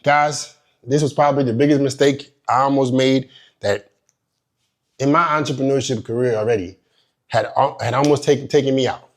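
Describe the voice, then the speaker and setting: A man's voice: mid-range voice, steady tone, moderate pace. A man who is a business coach, telling a personal story in a course lecture in a blunt, profane, emphatic way. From immigrant.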